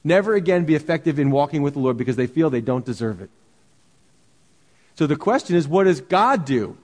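Earnest preaching man, fairly high voice. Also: expressive, brisk, a little mellow, long reverb tail. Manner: earnest preaching with rhetorical questions. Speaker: pastor. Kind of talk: sermon.

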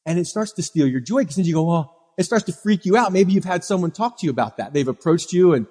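A male pastor preaching a sermon, animated, acting out the voices of people he quotes. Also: high-pitched, fast talker, breathy edge. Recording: long hall reverb.

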